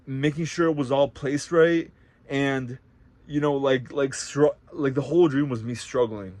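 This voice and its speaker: A young man telling a story in a casual vlog, swearing a lot and swinging between loud outbursts and quiet, reflective talk. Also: mid-range voice, no room sound. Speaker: vlogger.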